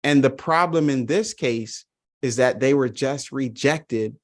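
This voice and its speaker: A man's voice: medium pitch, a little slow. Male trainer, earnest and emphatic, direct address in a remote session. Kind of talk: online training presentation.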